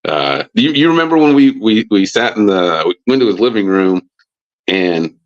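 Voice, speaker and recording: A man's voice: on the low side, lively intonation, normal speed, muffled recording. A man, a football coach, telling a casual story on a podcast, full of fillers and restarts. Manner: rambling with many fillers and restarts. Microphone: live stream mic.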